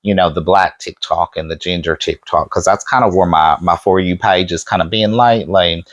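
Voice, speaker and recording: A man's voice: low voice, moderate pace, no room sound, muffled recording. A man with a Southern US accent co-hosting a podcast in casual chat, drawling and calling people honey. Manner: drawling, peppers talk with honey. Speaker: podcast co-host.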